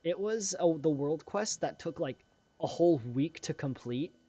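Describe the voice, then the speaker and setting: A man's voice: a little high, expressive, moderate pace, mellow. A young man streaming a game, giving casual, rambling commentary and laughing often.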